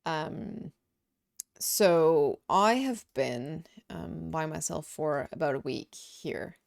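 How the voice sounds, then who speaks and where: Streamer lady at her home desk, lowish voice, lots of laughing and restarting mid-sentence, chatty storytelling. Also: slow, vocal fry. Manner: animated, laughing often, many restarts. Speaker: live streamer. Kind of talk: casual storytelling to a live stream chat.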